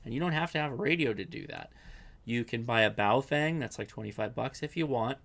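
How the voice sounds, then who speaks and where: A man's voice: medium pitch, animated, a little fast, creaky, a bit bright. A young adult man hosting a casual live-stream Q&A, chatty and rambling, often correcting himself as he answers viewer questions.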